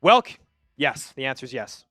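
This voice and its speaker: This livestream host from Long Island, New York calls plays at a football watch party and casually chats with viewers, reading their messages aloud. He speaks at a moderate pace and medium pitch, with big pitch swings and a sharp tone. There's no room sound.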